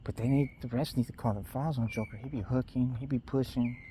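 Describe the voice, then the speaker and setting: A man's voice: mid-range voice, steady tone, dark tone, slight background noise. A man rambling casually on a night walk outdoors, recorded on a phone held in his hand. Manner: loose, unhurried rambling with trailing restarts. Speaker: vlogger.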